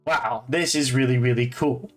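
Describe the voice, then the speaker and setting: A man's voice: mid-range voice, moderate pace, soft background music. A young man giving casual, rambling fan commentary on a show, full of fillers and restarts. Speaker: host.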